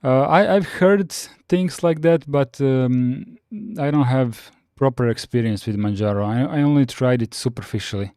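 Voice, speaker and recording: A man hosting a live-streamed lesson, reading through command notes and answering chat in a steady, explanatory way with frequent fillers. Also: medium pitch, normal speed, hardly any pauses, clear, resonant tone, dry recording, clean studio sound. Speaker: Linux course host.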